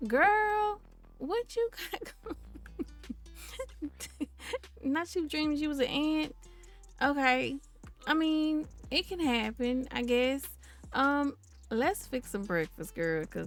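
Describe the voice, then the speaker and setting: Woman chatting over her game, kinda high voice, playful, bit of music behind. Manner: chatty and playful, talks to the viewers and the characters. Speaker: gameplay commentator. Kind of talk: casual life-sim gameplay commentary.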